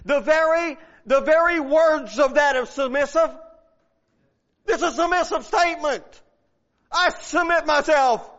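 A man's voice: very high-pitched, measured pace, fairly bright tone. A man preaching a fervent sermon, reading scripture aloud and pleading in prayer. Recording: dull lo-fi recording.

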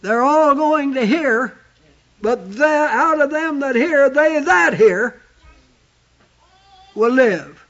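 A man with a very high voice preaching at a slow, deliberate pace. He leans hard on key words when he quotes scripture, and the sound is dull and lo-fi. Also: fairly bright tone. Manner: emphatic, drawn-out scripture quoting. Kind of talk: sermon. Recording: dull lo-fi recording.

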